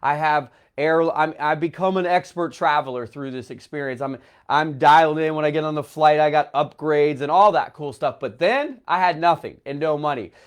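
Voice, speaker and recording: A man's voice: fairly high pitch, moderate pace, few pauses, clean tone. Emotional young man rambling through a story. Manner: rambling, filler-heavy, emotional retelling. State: tearful, runny nose. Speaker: travel vlogger. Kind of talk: personal storytelling to camera.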